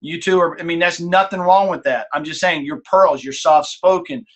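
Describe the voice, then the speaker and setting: A man leads a team call and coaches in a lively, informal way. He often acts out examples, and his voice sits a little on the high side. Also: normal speed. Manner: animated, acts out examples in changing tones.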